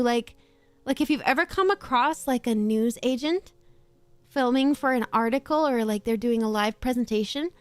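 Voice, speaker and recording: A woman chatting casually while playing a game on stream, rambling through quick asides and laughing often. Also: a little high, no room sound. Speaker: VTuber streamer. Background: faint background music.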